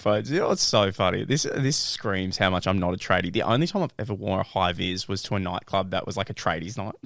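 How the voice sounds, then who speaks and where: A man's voice: low voice, lively intonation, brisk, creaky, a bit bright, dry recording, studio quality. A young man, co-hosting a podcast, telling stories in casual chat with frequent laughs and swearing. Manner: laughs often, storytelling with swearing. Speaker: podcast co-host.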